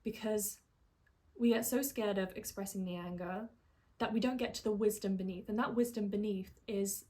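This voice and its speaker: A life coach with a medium-pitched voice delivers a calm, thoughtful monologue. For emphasis, she slows down and softens her voice.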